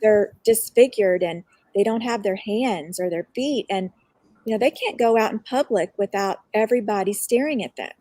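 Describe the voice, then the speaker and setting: A woman's voice: mid-range voice, moderate pace, dark tone, no room sound. A woman guest on a live online show, telling a personal story in an earnest, reflective way.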